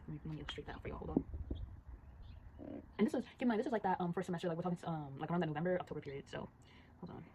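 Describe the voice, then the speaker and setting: A teenage girl rattles through a gossipy storytime at a very fast clip, slangy and animated as she draws along. Her voice has a soft, mellow tone, with a faint room hum behind it. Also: lowish voice, low-quality recording. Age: teens. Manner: rapid, chatty, slangy, acts out voices. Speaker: storyteller vlogger. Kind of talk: casual storytime while drawing.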